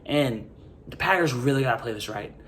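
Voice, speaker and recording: A young man giving a casual, rambling sports opinion monologue as host, leaning hard on "like" and getting animated. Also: medium pitch, fairly quick, a little hiss or hum. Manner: rambling, animated, heavy use of "like".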